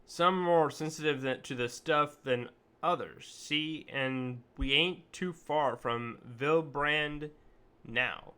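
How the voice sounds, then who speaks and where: A man's voice: a little high, pushed and bright, clean tone. A man voicing a chatty, folksy male ship peddler, reading game dialogue aloud in a homespun, colloquial way.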